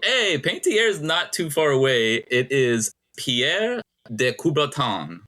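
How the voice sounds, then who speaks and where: A middle-aged man hosting a casual podcast trivia quiz, rambling and laughing often as he reads clues slowly. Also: medium pitch, big pitch swings, pushed and bright.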